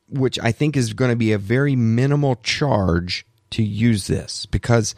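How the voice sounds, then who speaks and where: A man hosting a solo tech podcast, talking in an excitable, rambling way and correcting himself, bothered by allergies. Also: fairly low pitch, gravelly, no room sound, studio quality. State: allergies, throat clearing. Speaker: podcast host.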